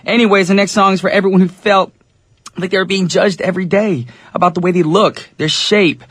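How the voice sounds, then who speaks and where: A young man hosting a radio show in a studio, chatting casually and talking straight to his listeners, his voice a little raspy. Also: high voice, steady tone, fairly quick, fairly bright tone, no room sound. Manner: easygoing, chatty, addresses listeners directly. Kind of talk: English-language radio DJ chat.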